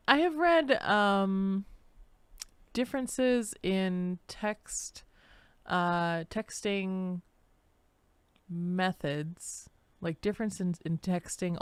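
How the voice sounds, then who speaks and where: Lady co-host chatting slow and easy, kinda low voice, giggles a lot. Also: clean tone, dry recording. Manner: unhurried, giggly, many fillers. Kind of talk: casual live-show chat.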